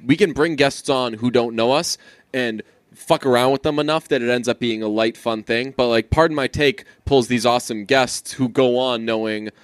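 A man's voice: mid-range voice, dry recording. Profane rambling male podcast co-host. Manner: rambling, profane, quick asides. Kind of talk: casual podcast banter.

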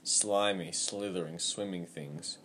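A man doing a squeaky, curt, dying creature. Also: fairly even intonation, slow, a bit bright, slight background noise. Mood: weary, curt.

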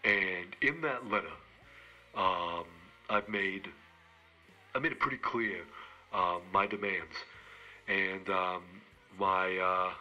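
A man co-hosting a podcast, giving a rambling, self-mocking comedic monologue of wrestling picks with halting restarts. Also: lowish voice, dull audio.

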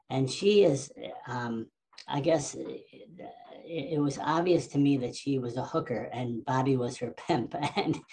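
Animated swearing man, mellow voice. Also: medium pitch. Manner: animated, swears freely, acts out quotes. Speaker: storyteller. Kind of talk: casual anecdote.

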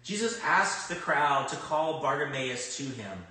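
Male preacher, higher-pitched, bright tone, conversational sermon with sudden loud emphasis, roomy distant sound. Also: big pitch swings, unhurried. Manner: conversational, swings from loud emphatic bursts to quiet reflection. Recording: very echoey room, speaker off-mic.

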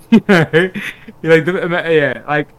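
A man's voice: a little high, takes it slowly, rough recording. A man, co-hosting a podcast and telling rambling stories in casual chat. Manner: rambling, animated storyteller. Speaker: podcast co-host.

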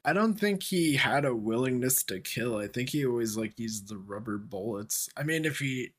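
A man's voice: medium pitch, lively intonation, moderate pace, a bit bright. Laid-back young man, casual podcast chat. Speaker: podcast co-host.

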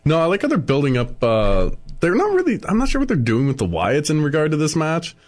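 A man's voice: fairly high pitch, huge pitch swings, brisk, a little mellow. A man co-hosting a podcast in easygoing casual chat, often saying "like" between thoughts. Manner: easygoing, lots of "like" fillers. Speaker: podcast co-host.

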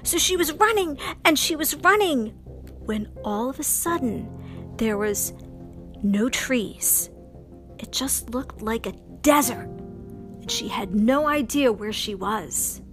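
A woman narrating a bedtime story for children in a slow, sing-song, dramatic way. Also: a little high, expressive, a bit bright, faint music behind.

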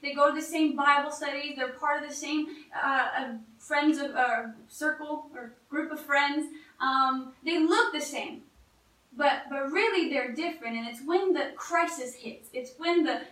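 Unhurried and sincere, a woman gives a chatty sermon at church, often backing up to begin a phrase again. She has a high, bright voice, and the sound echoes as if the mic were far off in a reverberant space.

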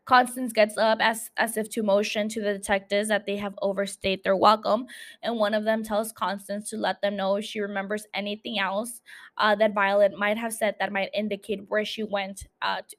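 A woman's voice: medium pitch, little pitch movement, brisk. A woman hosting a casual recap podcast, chatty and loose, swearing, laughing and filling with "like" and "uh". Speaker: podcast host recapping a TV series.

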